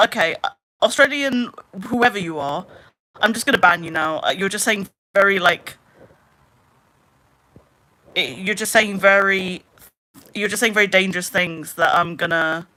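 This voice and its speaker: A woman's voice: lowish voice, bright, forceful tone. A young woman live streaming, chatting casually with viewers and reading out their comments in an exasperated, ranting way. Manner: ranting, exasperated, talks straight to chat.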